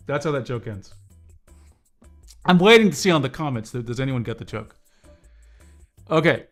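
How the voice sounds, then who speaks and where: A man hosts a relaxed livestream, talking straight to his viewers. He rambles, stops himself and restarts, filling the gaps with uhs. Faint music plays behind him. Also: medium pitch, normal speed, long pauses. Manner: rambling, chatty, with frequent fillers and restarts. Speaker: livestream host reviewing drawing tablets. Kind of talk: casual livestream chat with viewers.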